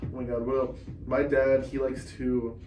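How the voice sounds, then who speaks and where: A man's voice: mid-range voice, unhurried, a little hiss or hum. A young man, a podcast guest, telling family stories in casual chat and acting out their lines. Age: young adult. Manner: animated storyteller, acts out his family's lines. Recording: echoey room, mic at a distance.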